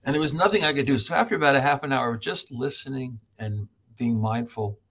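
A middle-aged American professor appears as a podcast guest, telling stories in an interview. His mid-range voice is husky and brisk, and he's animated, laughing frequently and imitating other people's voices.

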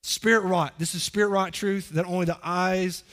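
A man's voice: high voice, fairly even intonation, moderate pace, fairly bright tone. A middle-aged man preaching a sermon as pastor, earnest and conversational, often putting questions to the congregation.

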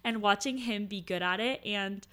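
A woman's voice: mid-range voice, normal speed, a bit bright. A woman in her thirties co-hosting a podcast. She talks in a reflective, affirming way in easygoing conversation. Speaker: podcast co-host. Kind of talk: casual chat.

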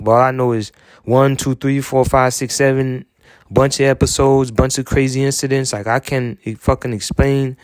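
Rambling man with a smooth voice. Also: mid-range voice, no room sound, clean studio sound. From United States. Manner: rambling, repeats filler phrases, swears often. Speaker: podcast host. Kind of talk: rambling personal monologue.

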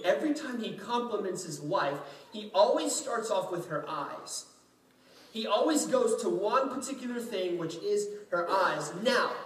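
A man preaching a sermon to a congregation, in an easy, conversational way with jokes mixed in. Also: high-pitched. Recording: roomy echo, distant mic, faint ambience.

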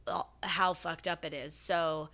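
A woman's voice: sits low, steady tone, measured pace, pushed and bright. A woman co-hosting a podcast, chatting casually, swearing freely and filling her talk with "like" and "um.". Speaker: podcast co-host.

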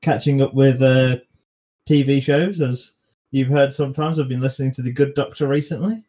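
A man's voice: medium pitch, fairly even intonation, moderate pace, warm tone. Hesitant young man hosting casual chat. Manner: hesitant, laughs often, restarts sentences. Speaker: podcast host.

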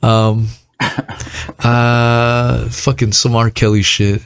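A man's voice: medium pitch, little pitch movement, drawn-out words, creaky, a bit bright, clean tone. A man hosting a casual podcast chat, swearing constantly and laughing often.

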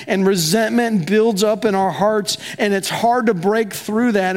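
A man preaching a sermon as pastor, talking conversationally and acting out both sides of quoted dialogue. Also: high-pitched.

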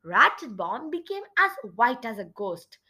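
A woman's voice: on the high side, very animated, a little slow, pushed and bright, rough recording. A woman reading a children's chapter book aloud with dramatic expression. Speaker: storybook reader. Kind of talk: expressive children's story narration.

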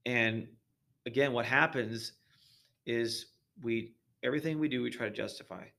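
A man's voice: medium pitch, moderate pace, vocal fry, bright, forceful tone. Earnest man preaching in casual talk. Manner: earnest, preachy, repeats words while thinking. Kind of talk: casual religious discussion.

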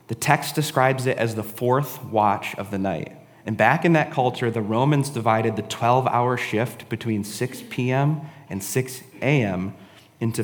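Male preacher, conversational sermon, keeps asking "right?", long hall reverb. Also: medium pitch. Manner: conversational, frequent "right?" and "honestly".

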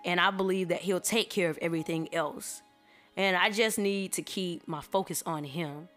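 A woman telling a personal faith testimony in an animated, colloquial storytelling manner. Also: fairly low pitch, moderate pace, soft background music. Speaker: church member giving a testimony.

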